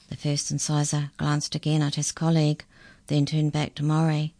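A woman reading a children's story aloud in a calm, measured storytelling voice. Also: deep voice, no room sound. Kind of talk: storybook narration.

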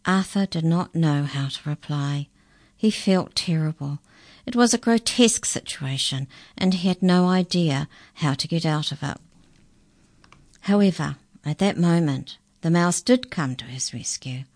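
A woman reading a children's storybook aloud, unhurried and expressive. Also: low-pitched, no echo, studio quality.

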